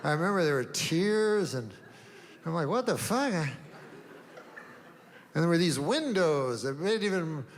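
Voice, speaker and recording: Male stand-up comic, dry deadpan delivery, rambling setups, bouncy swinging pitch, reverberant live room. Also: unhurried, long pauses. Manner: deadpan, rambling asides, long meandering setups. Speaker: stand-up comedian. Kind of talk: stand-up routine. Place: comedy stage before a live audience.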